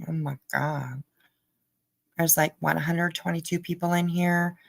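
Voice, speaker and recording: A woman's voice: lowish voice, steady tone, unhurried, creaky, a bit bright, dry recording. A woman hosting a livestream, chatting casually with her viewers and reading their comments. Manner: chatty, laughing, talks to chat while eating. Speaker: livestream host.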